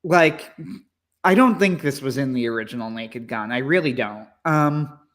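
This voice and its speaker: A man co-hosting a casual livestream chat, rambling and hesitant with lots of fillers, in a wry, low-key way. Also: expressive, normal speed, a bit bright. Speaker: co-host, movie commentator.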